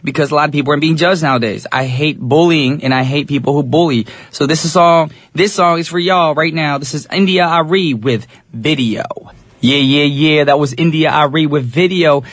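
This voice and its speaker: A young man hosting a radio show in a studio, chatting casually and talking straight to his listeners, his voice a little raspy. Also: on the high side, normal speed, a bit bright, dry recording. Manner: easygoing, chatty, addresses listeners directly. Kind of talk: English-language radio DJ chat.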